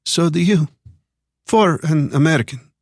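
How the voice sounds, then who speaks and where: A man voicing a young Eastern European woman who is guarded but curious, asking careful questions in a raised, soft voice. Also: a little high, measured pace, no echo, studio quality, pitched above the performer's own voice.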